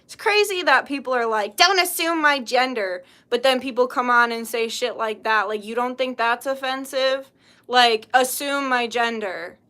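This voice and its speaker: Bright-voiced chatty woman livestreaming. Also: fairly high pitch, normal speed. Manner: chatty, laughing storyteller, blunt when annoyed. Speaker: spiritual healer and livestream host. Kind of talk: casual livestream chat, reading comments.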